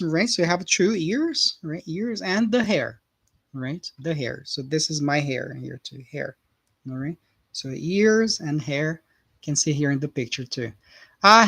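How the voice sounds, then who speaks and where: A man teaches English in a live online class. He goes slowly and patiently, repeats each word, and keeps checking in with his students. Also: sits high, fairly bright tone. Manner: patient, repetitive, checks in with "right?" constantly.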